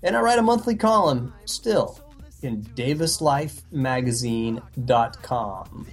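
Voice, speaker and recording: A man's voice: mid-range voice, expressive, slow pace, husky, soft background music. A man co-hosting a casual comedy podcast, telling jokes with dry, teasing banter. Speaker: podcast co-host.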